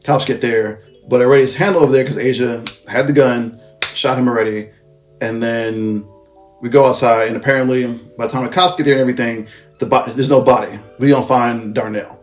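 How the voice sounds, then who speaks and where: A man's voice: mid-range voice, fairly even intonation, a little fast. Male reviewer with a mid-range voice for a casual, rambling plot recap, loose and profane, with faint music behind. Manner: rambling, profane, with frequent self-corrections. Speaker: movie reviewer.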